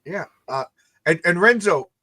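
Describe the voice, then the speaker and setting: A tired man with a fairly high voice tells stories in a loose, rambling way, restarting his sentences and repeating words. He talks casually, as if chatting late at night with friends. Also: lively intonation, unhurried, sharp tone. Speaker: comic book creator hosting a launch stream.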